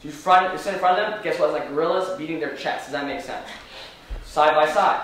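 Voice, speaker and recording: A man leading a live sales training, energetic and firing rhetorical questions at the room. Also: on the high side, a little fast, slight background noise. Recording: very echoey room from far off.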